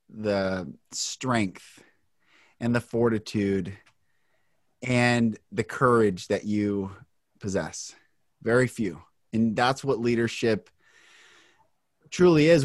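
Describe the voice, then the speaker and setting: A man from Washington State hosting a podcast interview, upbeat and animated, laughing often. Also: mid-range voice, no echo, clean studio sound. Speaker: podcast host.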